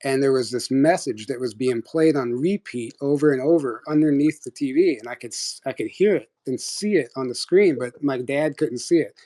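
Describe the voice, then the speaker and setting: A man's voice: medium pitch, moderate pace, hardly any pauses, mellow. A young man casually telling a personal story on a live audio chat, rambling, full of restarts and quoted dialogue.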